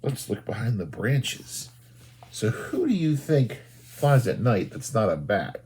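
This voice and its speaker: A man, a children's librarian, doing an animated storytime read-aloud and talking to young children. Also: fairly low pitch, unhurried, slightly rough. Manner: animated, sing-song, talks to young children.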